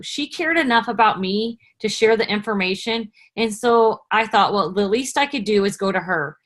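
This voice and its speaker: A woman's voice: a little high, fairly bright tone. Earnest woman telling her story. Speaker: guest speaker. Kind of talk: personal story on a video call. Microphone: video call.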